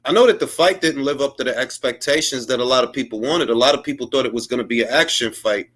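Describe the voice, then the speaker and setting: A man's voice: mid-range voice, fast talker, fairly bright tone. A man giving blunt, heated boxing commentary on his own, in slangy casual speech, mocking others in put-on quotes. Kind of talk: opinionated solo commentary.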